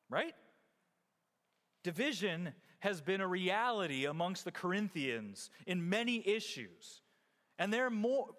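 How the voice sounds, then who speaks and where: Animated man preaching in a reverberant hall. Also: high-pitched. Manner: emphatic, rising and falling preaching delivery. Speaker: pastor. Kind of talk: sermon.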